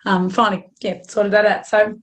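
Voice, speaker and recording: A middle-aged Australian woman with a slightly croaky voice, chatting frankly and at length as a podcast guest. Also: medium pitch, level tone, moderate pace. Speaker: guest runner. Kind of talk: casual chat.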